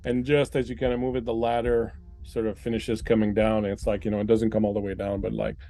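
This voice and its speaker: A man's voice: fairly low pitch, little pitch movement, quick pace, dark tone, faint music behind. A man narrating as game master in a tabletop game, rambling with many fillers. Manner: meandering, filler-heavy.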